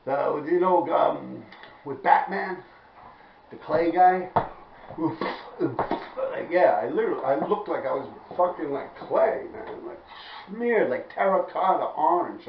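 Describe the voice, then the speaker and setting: A man's voice: a little high, expressive, unhurried. A man with a New York accent, telling a graffiti story to his viewers in loose, profane street talk, laughing as he goes. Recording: echoey, distant, dull with faint noise.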